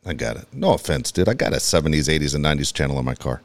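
A man co-hosting a podcast, talking in gruff, profane, dismissive banter. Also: a bass voice, big pitch swings, very fast. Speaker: podcast co-host. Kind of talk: casual banter.

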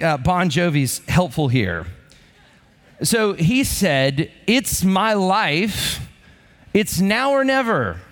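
A man delivers a sermon in a lively, animated voice, his pitch rising and falling freely. His tone is conversational, and he keeps checking in with his listeners with a quick "right?" His voice sits a little high for a man, with a faint lilt. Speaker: pastor.

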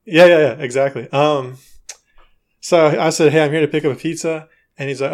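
A married man co-hosting a podcast, telling a story in a dry, low-key way. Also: steady tone, normal speed, faint music behind. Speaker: podcast co-host. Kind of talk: casual storytelling chat.

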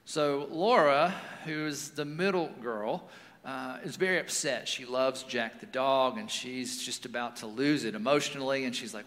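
A man in his forties, a pastor giving a sermon in a relaxed, storytelling way with casual fillers. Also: medium pitch, normal speed. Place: church sanctuary. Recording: long reverb of a large hall.

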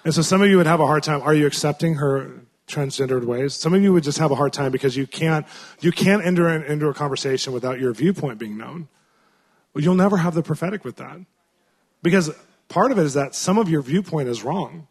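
A pastor tells his congregation a story as part of a sermon, speaking earnestly and conversationally with lots of fillers and restarts. His voice is on the higher side, fairly quick, with a breathy edge.

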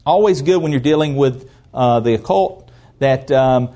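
A man preaching a sermon in a folksy, animated storytelling manner. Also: mid-range voice, moderate pace.

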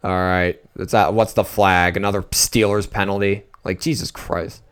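A man podcasting alone, reacting casually to a live football game as he watches, rambling and excitable, dropping to nervous mutters and jumping to outbursts. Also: low-pitched, normal speed, clean tone. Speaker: solo podcaster. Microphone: talking into a microphone at home late at night.

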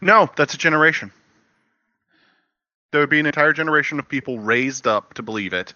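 A man's voice: a little high, a little fast, sharp tone, dry recording, highs cut off. A man in casual chat, making dry, brief remarks.

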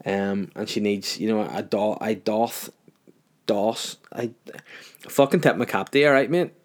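A man's voice: on the low side, measured pace. A young man hosting a solo podcast, rambling and swearing casually, a bit tipsy after a few wines. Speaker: podcast host.

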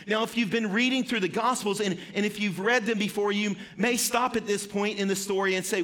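A man's voice: sits high, steady tone, brisk, hardly any pauses, a bit bright. A man preaching a sermon to his church in an earnest, conversational way, repeating his key phrases. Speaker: pastor. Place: church sanctuary.

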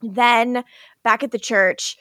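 A woman with a bright, high voice co-hosts a podcast in loose, casual chat. She laughs readily and drops swear words as she retells scenes. The recording is close and dry, with no room sound. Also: fairly even intonation, slow pace, no echo. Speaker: podcast co-host.

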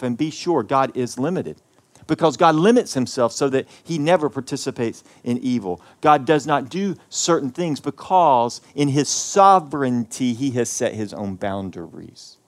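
A man's voice: medium pitch, lively intonation. Earnest male pastor preaching. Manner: earnest, emotional storytelling with pauses and repetitions. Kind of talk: sermon with personal story.

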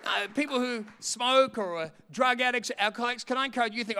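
A middle-aged male pastor with a high, bright, clear voice preaches with passion, swinging between hushed storytelling and ringing exhortation. His sermon carries a long reverb from a big church hall. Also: fast, hardly any pauses, a faint crowd. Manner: impassioned preaching that swells to shouts between quieter storytelling.

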